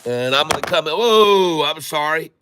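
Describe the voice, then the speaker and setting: A man streaming live day trading, narrating his buys and prices as he goes and spelling out tickers slowly. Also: a little high, expressive, noisy background. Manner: running commentary, repeating tickers slowly.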